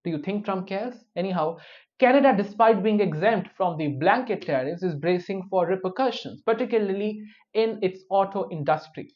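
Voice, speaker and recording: A man's voice: sits high, moderate pace. A man giving news commentary, dropping wry, opinionated personal asides between the reports. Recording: dull lo-fi recording.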